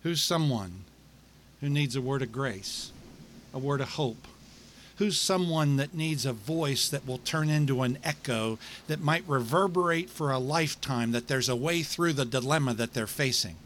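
A middle-aged male pastor delivering a sermon, with rhythmic repetition and dramatic pauses. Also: mid-range voice, a bit bright, a little hiss or hum.

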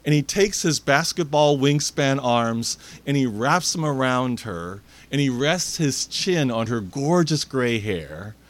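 Animated male preacher telling a story. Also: medium pitch. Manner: animated storyteller, acts out characters. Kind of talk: sermon storytelling.

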